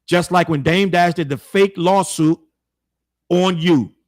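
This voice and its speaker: A show host with a high voice speaks slowly as he delivers a blunt, heated hot take to camera. His opinionated commentary is slangy, and he repeats points for emphasis.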